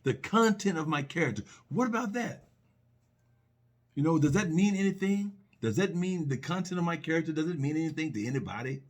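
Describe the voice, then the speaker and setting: A man's voice: on the high side, animated, a little fast, a little mellow. A middle-aged man sharing personal reflections on faith and love, earnest and repetitive, full of rhetorical questions and restarts.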